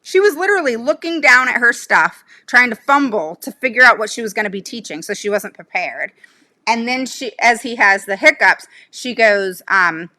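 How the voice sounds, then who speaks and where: Bright-voiced emphatic woman. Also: medium pitch, expressive, normal speed. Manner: emphatic, indignant, with repeated rhetorical questions. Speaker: special education advocate. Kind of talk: casual livestream talk to viewers.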